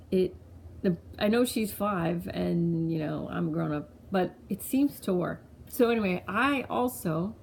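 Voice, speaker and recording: A woman's voice: on the low side, creaky, darkish tone, slight background noise. A mother talking loosely and conversationally about her family, often circling back to restart a thought. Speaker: mother sharing a parenting story. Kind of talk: casual personal storytelling to camera.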